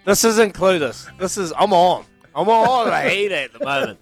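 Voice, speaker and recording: Animated New radio co-host. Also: male voice, high voice, moderate pace, vocal fry, faint music behind. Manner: animated storyteller, rambling and self-proud. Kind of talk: casual radio banter.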